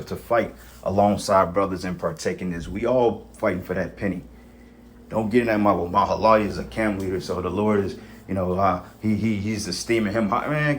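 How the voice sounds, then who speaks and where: A man's voice: lowish voice, slight background noise. A man giving an informal sermon to his brothers, exhorting in casual street talk with frequent profanity and repeated "you know what I'm saying". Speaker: preacher.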